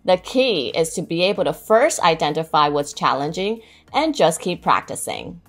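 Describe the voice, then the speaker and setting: Woman teaching english sounds, lowish voice that jumps around a lot, slow careful example words, faint music behind. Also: very animated. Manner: clear, deliberate, models words slowly. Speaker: English pronunciation instructor. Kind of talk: scripted instructional narration.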